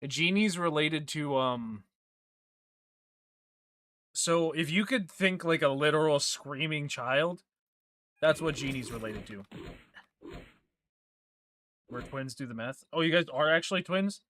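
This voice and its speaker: A man's voice: fairly high pitch, slow pace, long pauses, fairly bright tone, no echo, clean studio sound. A man streaming a game, chatting casually and trading crude, joking banter with his chat.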